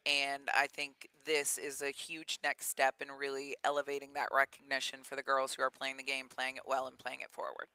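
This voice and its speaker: A woman football coach, guesting in a radio interview, tells stories animatedly and acts out the people in them. Her very deep, smooth voice moves at a moderate pace with hardly any pauses, and the audio is poor though free of echo.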